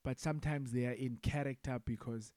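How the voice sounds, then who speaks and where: A man's voice: mid-range voice, steady tone, brisk, a little mellow, dry recording, studio quality. A man co-hosting a podcast in casual chat, laid-back and rambling, swearing freely. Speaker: podcast co-host.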